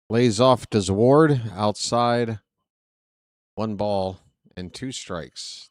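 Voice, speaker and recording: A man's voice: fairly low pitch, extremely slow, no echo, studio quality. A man calling a ballgame play-by-play on a fan live stream, chatty, joking and fussy.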